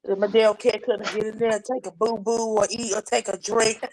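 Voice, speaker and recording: A woman's voice: mid-range voice, flat delivery, normal speed, crowd noise, poor audio. A woman from North Carolina, chatting casually on a live panel, rambling with repeated restarts and frequent laughter. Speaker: live panel chat guest. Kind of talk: casual chat.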